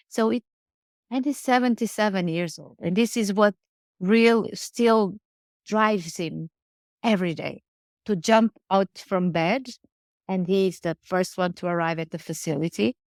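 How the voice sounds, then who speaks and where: Woman, 40s, guest, earnest and searching, lower pitch, dry recording. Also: darkish tone, dry recording. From Portugal. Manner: earnest, repeats words while searching for phrasing. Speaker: guest, riding instructor. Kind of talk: casual interview conversation.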